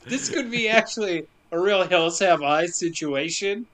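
Man, higher-pitched voice, casual podcast movie recap, joking storyteller. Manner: joking, animated storytelling with quick asides.

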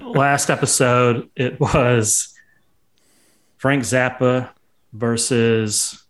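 A man's voice: medium pitch, fairly even intonation, very slow. A man co-hosting a casual music podcast, telling amused anecdotes. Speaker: podcast co-host. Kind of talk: casual chat.

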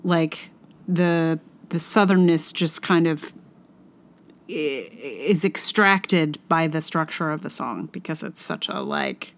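A woman from Virginia hosts her podcast in an unhurried, meandering way. She speaks low and slow, stopping often to correct herself and fill the gaps, which gives the chat a loose, easygoing feel. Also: big pitch swings. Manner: rambling, self-correcting, halting with fillers. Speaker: podcast host. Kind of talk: casual chat.

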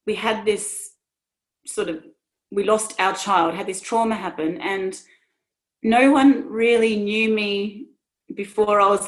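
A woman in her thirties speaking earnestly and emotionally about her own experiences, with many restarts. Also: medium pitch. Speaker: podcast guest. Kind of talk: personal conversation.

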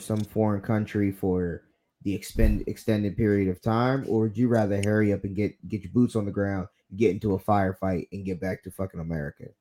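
Low-voiced wisecracking podcast guy. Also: mellow. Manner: short wisecracking interjections. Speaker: podcast co-host. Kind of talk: casual profane chat.

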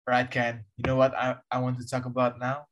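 A young man from Indonesia, English his second language, with an American-based Indonesian accent, co-hosting a casual chat in a halting, self-correcting way. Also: medium pitch, completely flat delivery, a bit bright. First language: not English. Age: young adult. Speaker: podcast co-host.

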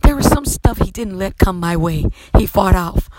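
A woman's voice: medium pitch, lively intonation, moderate pace, heavy background noise. A middle-aged woman preacher giving an emotional, fervent testimony sermon, holding back tears at times.

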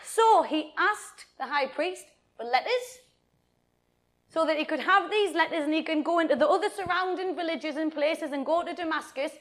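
A woman telling a Bible story to children and adults in an animated way, often addressing her listeners directly. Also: high-pitched, moderate pace.

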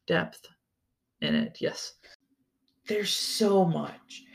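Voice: medium pitch, slow. A podcast host chatting alone about a book series, enthusiastic and swearing freely, often stumbling and restarting sentences. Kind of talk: casual solo book-review chat.

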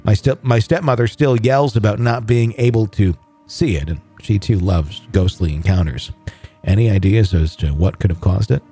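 Low-voiced man reading a ghost story. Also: normal speed, mellow, breathy edge, faint music behind. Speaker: podcast host reading a listener story. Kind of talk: read-aloud narration and casual chat.

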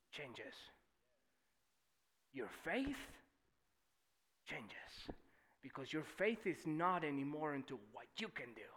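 A young man preaching a sermon in church, animated and swinging from shouting to near-whispers. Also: on the high side. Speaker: pastor.

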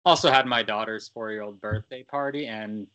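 A man in his thirties, guest co-host of a podcast, talking casually with a dry, deadpan humor. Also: on the low side, moderate pace.

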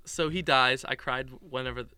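A man's voice: medium pitch, steady tone, normal speed, bright, forceful tone, clean tone. A young man in casual chat, retelling a film in a rambling way full of fillers and restarts.

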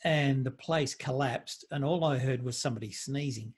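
Speaking at normal speed with a medium pitch and a breathy edge, a man hosts a podcast and keeps the interview with his guest light. He's chatty and joking, quick to laugh.

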